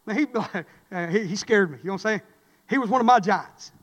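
A man preaching a sermon, telling folksy stories and swinging from loud cries to low murmurs. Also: fairly quick, in a large hall.

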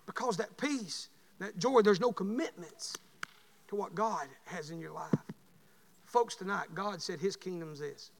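Fervent preacher man, high voice. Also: unhurried, vocal fry, big-room sound. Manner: folksy storytelling, rising to fervent shouts. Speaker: pastor. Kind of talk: sermon.

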